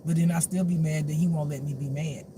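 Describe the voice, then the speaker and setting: Spiritual teacher just talking, cussing and laughing, mid pitch, noisy hum behind. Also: fairly even intonation, a little fast. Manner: blunt, profane, laughing, swings from low mutters to shouts. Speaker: spiritual life teacher and reader. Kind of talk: casual unscripted monologue.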